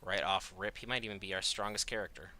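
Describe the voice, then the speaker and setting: A man's voice: deep voice, steady tone, fast talker, sharp tone, slight background noise. A man giving casual gameplay commentary as host of a gaming channel, joking and offhand, often talking to himself.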